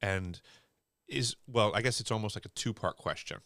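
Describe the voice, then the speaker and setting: Deep-voiced host with a faded Long Island accent. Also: male voice, moderate pace, fairly bright tone, no room sound, clean studio sound. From Long Island, New York. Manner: earnest, self-deprecating questioner. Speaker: podcast host. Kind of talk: casual interview chat.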